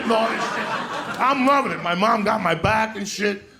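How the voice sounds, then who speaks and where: A male stand-up comedian telling a story in a loud, profane way, often shouting. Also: sits high, expressive, normal speed, gravelly. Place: comedy club stage. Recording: roomy club recording with crowd laughter. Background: audience laughter and room noise.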